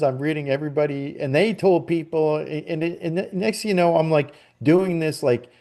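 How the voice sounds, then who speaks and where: A man's voice: fairly high pitch, normal speed, few pauses, mellow, slight background noise. A middle-aged man, a guest on a podcast, telling a long personal story in a casual, rambling way with many fillers and restarts. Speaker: podcast guest, psychic medium.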